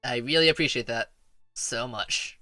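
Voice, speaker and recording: A man's voice: medium pitch, moderate pace, sharp tone, no echo, studio quality, soft background music. A man streaming a strategy game, giving playful, rambling commentary that stumbles over restarts.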